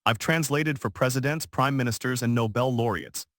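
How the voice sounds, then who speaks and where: A man reading the lines of a highly educated young waitress, gracious but firm, in a synthetic storybook narration. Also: normal speed, fairly bright tone, no room sound, studio quality, natural voice. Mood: calm.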